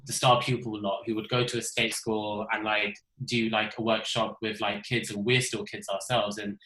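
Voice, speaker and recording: A man's voice: fairly low pitch, level tone, normal speed, sharp tone, echoey room, rough recording. A young man from London with a London accent, chatting casually on a video-call panel with lots of fillers. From London, Isle of Dogs. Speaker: ethical designer, panel guest. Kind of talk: webinar panel discussion.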